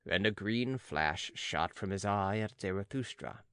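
A male audiobook narrator with a deep voice and lively intonation. He reads slowly and gravely, in a dry, close-miked recording. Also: dry recording. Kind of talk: scripted narration.

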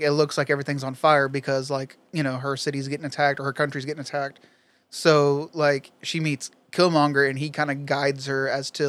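A man's voice: medium pitch, a bit bright. A man chatting casually with friends, talking loosely and profanely as he rambles through theories and opinions. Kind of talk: casual chat among friends.

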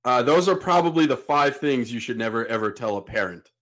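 A man's voice: medium pitch, brisk. A man hosting a podcast, telling a story in a casual way and acting out the people in it. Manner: animated, acts out the people in his story. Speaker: podcast host.

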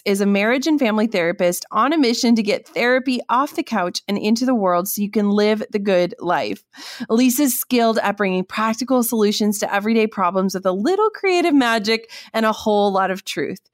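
A woman hosting a podcast, talking to her listeners in an energetic, enthusiastic way. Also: mid-range voice, fairly quick, no room sound, clean studio sound. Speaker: podcast host. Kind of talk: upbeat podcast intro and ad reads.

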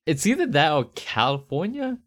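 A man's voice: on the high side, very animated, moderate pace, fairly bright tone, no room sound. A man from the Northeast United States, co-hosting a podcast in a rambling, easygoing chat, with a faint Rhode Island accent. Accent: slight Rhode Island. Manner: rambling, self-correcting, easygoing. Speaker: podcast co-host.

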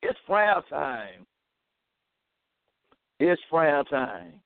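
A fairly high-pitched man preaches a radio sermon very slowly but with great animation and fervor, peppering it with "amen" and "praise the Lord" as he urges listeners to pray. There's no room sound, though the audio has a tinny, phone-like radio quality.

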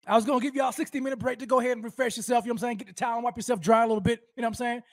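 A man's voice: very high voice, fairly even intonation, rapid-fire, no room sound, studio quality. A man hosting a live sports fan show, hyped and rambling, with slangy street talk and lots of repeats.

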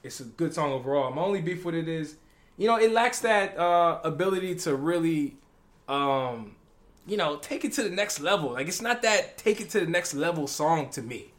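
Animated man co-hosting a music podcast. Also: a little high, moderate pace. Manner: animated, joking, lots of fillers. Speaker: podcast co-host. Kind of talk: casual music review chat.

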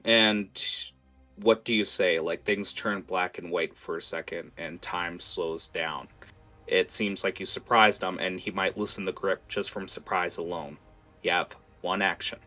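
A young man narrates a tabletop game as its game master in a deep, low voice with a bright, forward edge. He rambles, fills gaps with "like" and "uh", and swears casually. Faint music plays behind him. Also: fairly even intonation, measured pace.

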